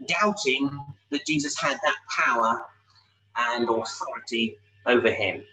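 A man's voice: medium pitch, normal speed, distant mic, rough recording. A man preaching a sermon, explaining a scripture passage with frequent rhetorical tag questions. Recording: voice a little off-mic, faint hum.

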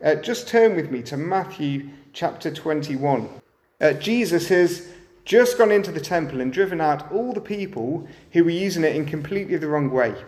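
A man's voice: a little high, lively intonation, moderate pace, darkish tone, roomy sound. A man preaching a sermon, often turning to the listeners with rhetorical questions.

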